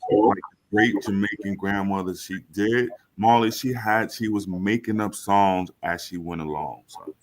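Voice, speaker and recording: A man from Brooklyn, hosting a casual group chat and telling an excitable story with plenty of swearing. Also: lowish voice, a little slow.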